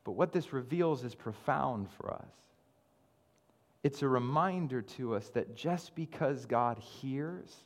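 A man preaching a sermon as pastor, earnest, often repeating words and swinging between loud emphasis and quiet asides. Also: mid-range voice, expressive, slow pace, big-room sound.

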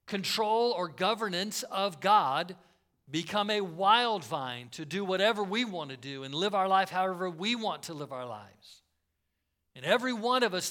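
Bright, high-voiced preaching man. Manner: earnest preaching, swings between loud emphasis and soft asides. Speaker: pastor. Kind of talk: sermon.

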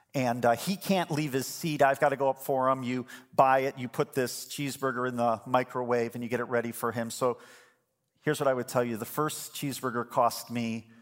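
A middle-aged man, a pastor, preaching a sermon in a conversational storytelling way with emphatic asides to the congregation. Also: medium pitch.

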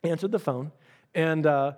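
Earnest higher-voiced pastor preaching. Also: male voice, moderate pace. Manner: earnest, conversational preaching with repeated phrases. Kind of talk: sermon.

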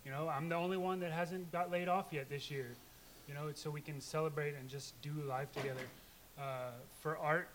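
A man's voice: a little high, fairly bright tone, slight background noise. Earnest man sharing a rambling testimony. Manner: earnest, rambling, with many restarts. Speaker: church member giving testimony. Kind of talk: informal testimony.

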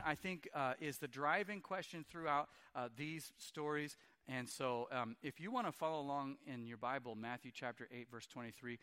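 This pastor has a voice on the high side with a slight brightness. He preaches a sermon by retelling scripture scenes like stories, briefly acting out the quoted lines.

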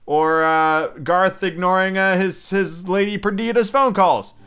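A man's voice: high voice, steady tone, unhurried, music in the background. A young man hosting a casual solo podcast, chatty and freely swearing, often restarting his sentences. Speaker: podcast host.

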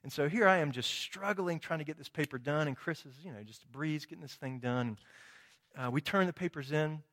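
A man's voice: on the high side, fairly quick, a bit bright. A middle-aged man preaching a sermon, telling a personal story with quoted dialogue and frequent tag questions. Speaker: pastor.

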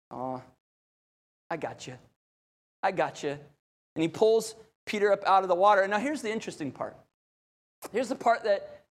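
A man preaching a sermon, telling a story with animation, often repeating phrases and speaking directly to the crowd. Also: high voice. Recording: long hall reverb.

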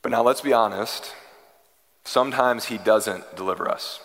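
A man preaching a sermon as pastor, earnest and pleading, moving from hushed, slow lines to emphatic, rising ones. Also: lowish voice. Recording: reverberant hall.

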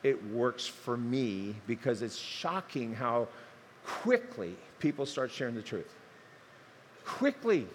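An older man preaching a sermon, telling stories in a lively, conversational way, acting out dialogue with humor. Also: mid-range voice, slow, a little hiss or hum. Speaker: pastor. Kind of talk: sermon storytelling. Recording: long hall reverb, faint ambience.

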